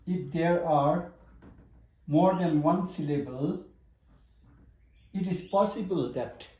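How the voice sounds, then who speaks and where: A man with a Tibetan accent teaching a language lesson, repeating words slowly and spelling them out. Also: a little high, warm tone. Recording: echoey room.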